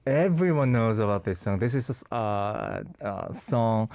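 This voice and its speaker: A man's voice: lowish voice, big pitch swings, measured pace, vocal fry, a little mellow, no room sound, clean studio sound. A man co-hosting a radio music show, casually presenting a song pick and searching for his words. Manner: hesitant, many fillers and restarts, searching for words. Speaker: radio co-host.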